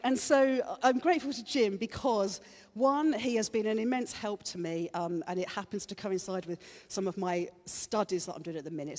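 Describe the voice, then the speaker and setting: A woman's voice: lowish voice, a little mellow. A woman preacher giving a chatty, playful sermon to a congregation, teasing them as she goes. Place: church hall. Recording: reverberant hall.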